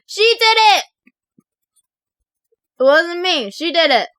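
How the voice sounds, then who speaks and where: A scared little girl blurts out her excuses in a high, squeaky voice, as a woman acts her out. The tone is bright and pushed hard. It is recorded dry and close. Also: fairly even intonation, normal speed, no echo. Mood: protesting. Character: panicky young girl blaming someone else.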